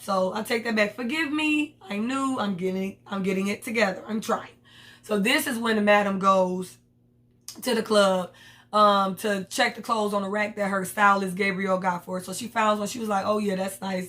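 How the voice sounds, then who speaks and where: A woman's voice: medium pitch, fairly bright tone. A woman giving a casual recap of a TV episode, blunt, slangy and profane, acting out the characters' lines as she goes. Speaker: TV episode reviewer.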